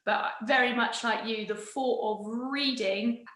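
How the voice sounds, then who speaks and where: A woman's voice: fairly high pitch, measured pace, a bit bright. A woman in her thirties, co-hosting a casual interview and asking enthusiastic questions. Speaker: co-host. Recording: roomy echo.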